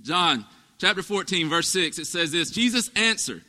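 Bright-voiced pastor in a big hall. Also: male voice, high-pitched, lively intonation, normal speed. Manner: folksy storytelling with congregation asides. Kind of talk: sermon. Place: church sanctuary.

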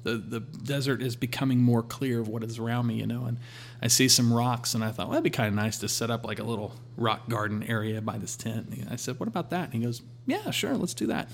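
A man sharing a personal faith testimony in a relaxed conversational way, acting out his talks with God. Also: medium pitch, a little fast, slight background noise. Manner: storytelling, quotes God in a calm voice.

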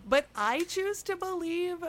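A woman's voice: extremely high pitch, lively intonation, unhurried, a bit bright. A woman co-hosting a podcast, telling history in a playful, jokey way and laughing often. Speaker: podcast co-host. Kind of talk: casual history chat.

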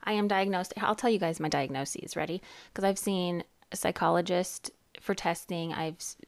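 A woman in her thirties, a therapist, hosts a casual podcast, chatting and rambling, laughing often and cutting herself off. Her voice is on the low side, with a steady tone and normal speed.

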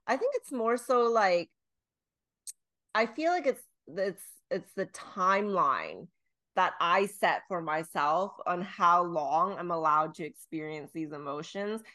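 Woman podcast co-host, lower register, candid and self-mocking, casual swearing. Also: expressive, measured pace, pushed and bright. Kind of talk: casual chat.

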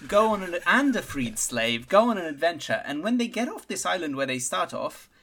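A man in a casual film discussion, animated and laughing as he talks. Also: sits high, normal speed, slight background noise. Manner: animated, laughs while talking.

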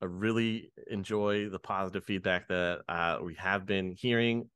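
A man's voice: low voice, fairly even intonation, moderate pace, fairly bright tone, smooth, dry recording. A man hosting a podcast in an easygoing way, chatting and plugging the show, laughing often. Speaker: podcast host. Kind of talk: casual chat and show promo.

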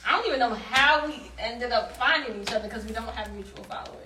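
A woman's voice: on the high side, fast, bright, forceful tone, reverberant, distant mic, slight background noise, low-quality recording. A woman, a podcast guest from the Bronx, answering in short, laid-back replies. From the Bronx, New York. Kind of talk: casual podcast chat.

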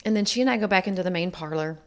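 Speaking very fast in a fairly low voice, a guest shares her life story in conversation. Her storytelling is earnest and reflective, and she acts out what others said as she goes.

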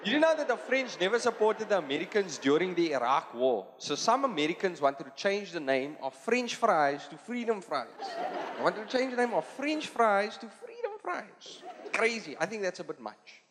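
A man with a South African Indian accent delivers a stand-up set in a high, bouncing voice that rises and falls constantly. He slips into quick character voices as he goes. The recording comes from a live theatre, with long hall reverb and a loud audience underneath. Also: background noise. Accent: South African Indian English. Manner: animated, acts out characters in quick put-on voices. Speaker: stand-up comedian.

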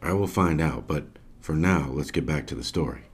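A man's voice: rumbling low, moderate pace, slightly rough. A man hosting a podcast, narrating a personal story in an earnest, emotional way. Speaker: podcast host.

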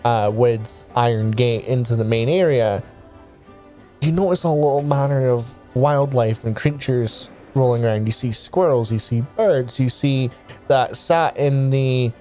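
A man runs a tabletop game, narrating scenes in meandering, filler-laden descriptions. His tone is dark and mellow, and quiet music plays underneath. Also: mid-range voice, unhurried. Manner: rambling, hesitant descriptions with many fillers. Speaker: game master.

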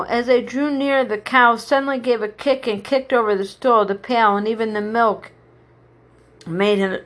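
A woman reads a children's story aloud with a slightly high voice. Her reading is unpolished, and she often stops to restart a line. The pace is steady and plain. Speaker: reader.

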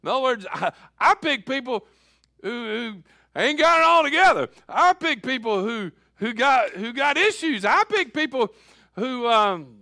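Animated high-voiced male preacher. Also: a little slow, no echo, studio quality. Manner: animated preaching, swings from loud calls to quiet asides. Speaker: pastor. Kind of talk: sermon.

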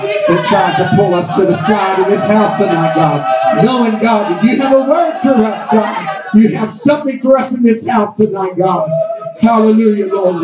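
A male pastor in a church, preaching a sermon and praying fervently, breaking into repeated calls of "God" and rebukes. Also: fairly high pitch. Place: church sanctuary. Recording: echoey, dull church sound.

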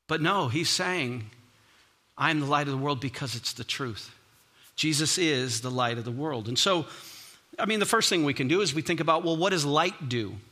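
A man's voice: on the high side, pushed and bright. A man preaching a sermon as a pastor, conversational and emphatic, often repeating words for stress.

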